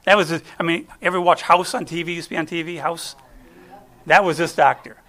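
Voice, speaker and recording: This guest preacher is a middle-aged man from the United States whose voice sits on the high side, bright and forceful yet steady, moving a little fast. His conversational sermon leans on personal stories, and he's folksy and chatty, frequently losing a thought and restarting.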